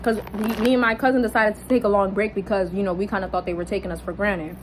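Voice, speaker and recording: A young woman casually telling a personal story, animated and swearing, jumping up high when she quotes people. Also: quick pace, background noise. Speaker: vlogger.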